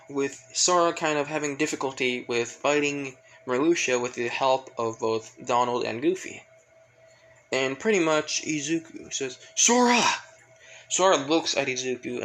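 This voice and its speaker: A man's voice: medium pitch, a bit bright, low-quality recording. A man casually retelling a fan fiction story, rambling and repeating fillers. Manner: rambling, fills with "pretty much".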